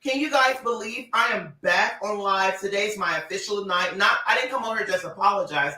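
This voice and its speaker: A man chatting on a livestream in a bright, forceful voice, sassy and animated, breaking into laughs. The room is echoey and he sits a little back from the mic. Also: sits high, moderate pace, distant mic. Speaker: social media personality on a livestream. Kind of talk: casual livestream talk to followers.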